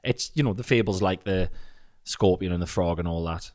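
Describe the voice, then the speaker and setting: A hungover man co-hosting a podcast, telling stories in an animated, exasperated way. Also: low voice, moderate pace. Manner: animated, exasperated storytelling with swearing. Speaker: podcast co-host. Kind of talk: casual chat.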